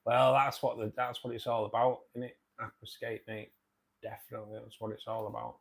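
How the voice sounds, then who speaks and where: This Manchester-accented livestream host, a man in his forties from the city's outskirts, chats matily with viewers and responds to their comments. He talks fairly quickly in a gravelly voice on the low side.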